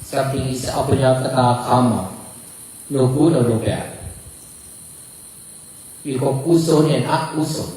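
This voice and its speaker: A man who is a Buddhist monk, giving a dharma talk and answering questions in a halting way, often repeating words as he searches for them. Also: medium pitch, mellow. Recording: very echoey room, distant mic.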